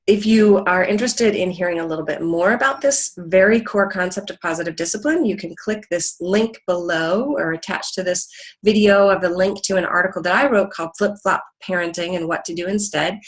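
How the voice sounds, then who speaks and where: A woman's voice: lowish voice, low-quality recording. Earnest woman teaching about parenting. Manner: earnest, with frequent ums and restarts. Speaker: parenting educator. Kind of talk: teaching talk with an anecdote.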